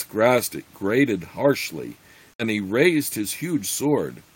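A man reading a fantasy story aloud, slowly, with some slips and fillers. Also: on the low side, sing-song, slightly rough, low-quality recording. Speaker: reader.

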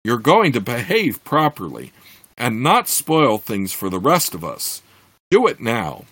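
A man voicing a stern, scornful female weretiger who scolds others in a storybook reading, in a husky voice. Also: mid-range voice, huge pitch swings, measured pace, fairly bright tone, dry recording, full character voice. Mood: scolding. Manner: scornful, commanding.

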